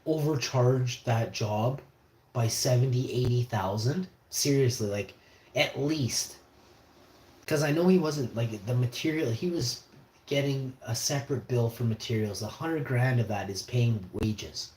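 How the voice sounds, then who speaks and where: A man's voice: medium pitch, a little slow, darkish tone, slight background noise. A man hosting a livestream, telling a long, rambling story in a slangy way that often repeats itself. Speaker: livestream host. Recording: roomy echo.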